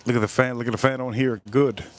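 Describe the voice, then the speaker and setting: A man's voice: medium pitch, steady tone, quick pace. Blunt cursing man streaming his cooking. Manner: blunt, swearing, frustrated. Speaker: livestream host cooking and drinking. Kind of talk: casual live-stream commentary.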